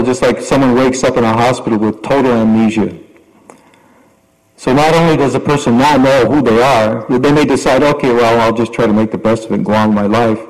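A man giving a reflective sermon, reciting Sanskrit verses and explaining them. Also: mid-range voice. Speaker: spiritual teacher. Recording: long hall reverb.

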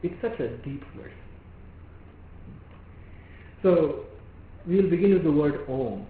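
Male preacher, devotional lecture, measured and explanatory, very echoey hall, tinny phone-like sound. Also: a little high, lively intonation. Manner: measured, explanatory, rhetorical questions.

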